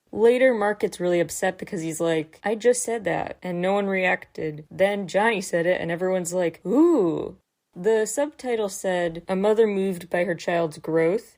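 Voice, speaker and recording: A woman hosting a podcast, recapping a mystery episode in a chatty way with wry asides. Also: on the low side. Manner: chatty, wry asides, quotes lines in animated voices. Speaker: podcast host. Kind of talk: recapping a K-pop variety episode.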